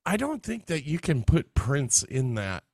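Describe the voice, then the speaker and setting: A man co-hosting a podcast in casual chat, halting at times and laughing often. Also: fairly high pitch, big pitch swings, a little mellow, no echo, studio quality. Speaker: podcast co-host.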